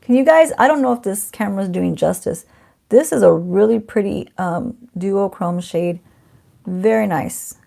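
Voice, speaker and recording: A woman's voice: medium pitch, a little slow, vocal fry, dark tone. A middle-aged woman doing a casual beauty unboxing at home, chatty and self-teasing, talking to the camera and to someone off camera. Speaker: beauty vlogger.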